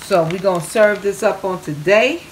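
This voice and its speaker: A woman's voice: medium pitch, normal speed. A woman cooking on camera in a playful style, drawing out her "oh yeah"s and calling her viewers babies. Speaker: cooking vlogger. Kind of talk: cooking demo with chatter. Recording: noisy home kitchen recording.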